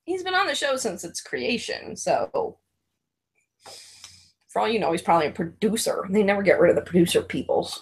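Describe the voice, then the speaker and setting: Giggly, animated middle-aged woman. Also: medium pitch, brisk, a little hiss or hum. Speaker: co-host. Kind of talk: casual reality TV chat.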